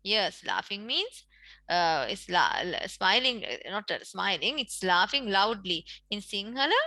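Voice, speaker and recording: A woman's voice: mid-range voice, sing-song, unhurried, pushed and bright, no room sound. A woman English teacher with a Sri Lankan accent, reading a story to children in an online lesson and explaining each word with a Sinhala translation. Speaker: primary school English teacher.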